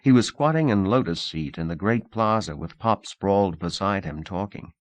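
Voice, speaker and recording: A man narrating a novel in a measured, expressive audiobook reading. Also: deep voice, dry recording.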